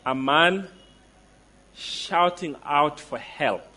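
Guy preaching a sermon, kinda high voice, slows right down to hit the big lines. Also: sharp tone. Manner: emphatic, with slow stressed declarations; asks the listeners direct questions.

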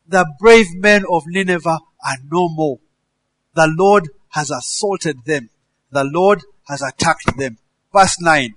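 A man preaching with a high, lively voice. He reads the verses, then shouts the commands in them at full force and laughs along with his listeners. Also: slow, no room sound. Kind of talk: sermon.

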